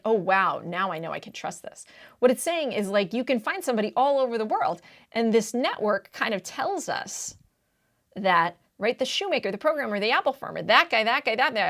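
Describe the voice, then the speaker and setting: Gravelly-voiced woman tutoring test prep. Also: fairly high pitch, a bit bright. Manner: emphatic, keeps checking in with "right?"; casual, slangy teaching talk. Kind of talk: explaining reading test answers.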